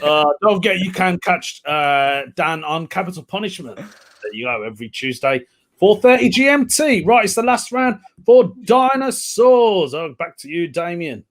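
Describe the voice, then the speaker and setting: A man's voice: sits high, big pitch swings, normal speed. Chummy man hosting a pun contest. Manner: chummy, laughs often, calls people mate. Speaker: host.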